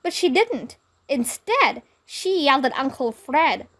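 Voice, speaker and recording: Woman, children's book read-aloud, expressive, high voice, slow.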